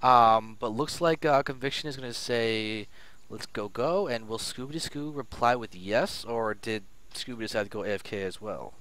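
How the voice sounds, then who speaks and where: A young man casting a live strategy game match as stream host, excitable and prone to loud bursts at big plays. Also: mid-range voice, normal speed. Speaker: esports caster and stream host. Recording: faint background noise.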